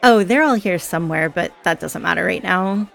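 A woman's voice: lowish voice, normal speed, vocal fry, a bit bright, a faint crowd. A woman playing a chatty, giggly party girl. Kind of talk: scripted audio role-play.

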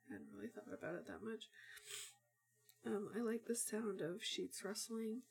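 A woman answering questions in a soft-spoken ASMR recording, sick and sniffling, hesitant and self-deprecating with many fillers, slipping into whispers. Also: medium pitch, big pitch swings, moderate pace. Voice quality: husky, partly whispered.

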